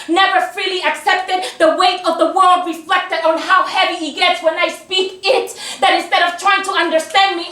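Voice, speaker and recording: A woman's voice: very high voice, sharp tone, distant mic. A woman with a Spanish accent performing a spoken-word poem in a rhythmic, declamatory way. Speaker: competing poet. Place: museum event space with live audience. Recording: echoey room picked up from afar.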